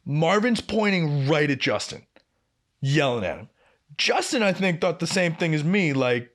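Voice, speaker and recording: Young male podcast co-host, slightly high voice, lively swooping delivery, swears freely while spinning an anecdote. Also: a little slow. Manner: animated, profane anecdote-telling. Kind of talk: casual storytelling chat.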